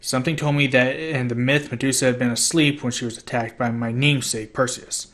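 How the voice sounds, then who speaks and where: Male amateur narrator, mid-range voice, steady first-person reading. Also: medium pitch, brisk, a little hiss or hum. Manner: steady first-person storytelling with small slips. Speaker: audiobook reader.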